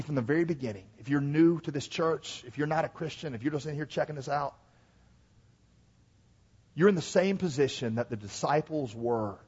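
A man giving a sermon as a pastor in a church, swinging from hushed, intimate lines to loud, rising exhortation. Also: medium pitch, husky. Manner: dynamic preaching, swings from hushed to shouting. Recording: dull lo-fi sermon recording.

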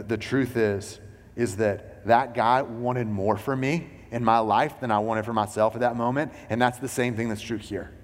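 A man's voice: medium pitch, long reverb tail. A man preaching a sermon as a pastor. He talks in a loose, conversational way, full of "like" and "you know".

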